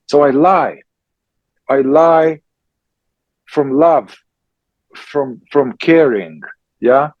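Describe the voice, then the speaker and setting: A man speaks at a slow, deliberate pace in a fairly high voice, often stopping to check in with a questioning "yeah?". The sound is dry and close, with no room echo. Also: muffled recording. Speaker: somatic psychotherapist and teacher. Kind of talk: conversational talk answering questions.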